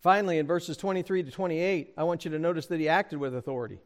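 A pastor preaches an expository sermon at a fast pace, speaking straight to the congregation and raising his pitch and volume for emphasis.

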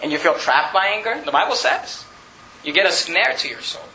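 A man preaching a sermon in a folksy style. He reads scripture slowly and builds up to loud, emphatic peaks. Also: sits high, big pitch swings, vocal fry, a little hiss or hum. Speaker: pastor. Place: church sanctuary. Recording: echoey church room.

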